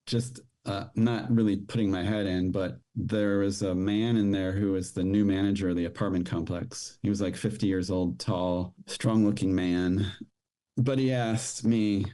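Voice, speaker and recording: Male podcast guest, low dark voice, halting personal testimony. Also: steady tone. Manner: plain, halting storytelling with fillers.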